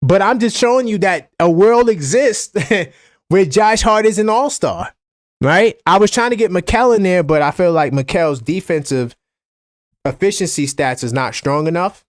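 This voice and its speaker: A man with a New York accent hosting a live-stream basketball chat, animated and opinionated, often repeating himself. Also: sits high, moderate pace, no room sound, studio quality. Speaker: basketball fan show host.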